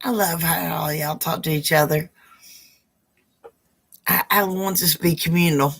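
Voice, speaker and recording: Hoarse woman hosting a psychic stream. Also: sits low, steady tone, a little slow, fairly bright tone. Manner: chatty, affectionate, greets viewers by name. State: hoarse, rough voice. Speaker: psychic live stream host. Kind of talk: live stream Q&A chat.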